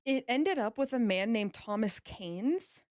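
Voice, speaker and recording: A woman's voice: fairly high pitch, lively intonation, unhurried, a little mellow, dry recording. Podcast co-host, woman, chatty history telling, dry close sound. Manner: chatty storyteller, laughs easily. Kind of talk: casual history podcast chat.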